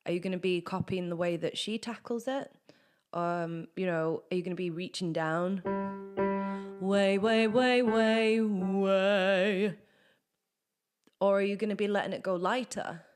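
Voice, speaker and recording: In this singing lesson, a woman's fairly low, darkish voice moves briskly with fairly even intonation, faint music playing behind her. As a vocal coach, she chats through technique and breaks into sung exercises.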